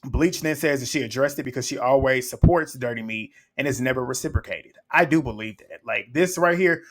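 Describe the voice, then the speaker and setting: A man's voice: mid-range voice, a little fast, a bit bright. A man, recapping a reality show in blunt, mocking casual commentary and laughing often.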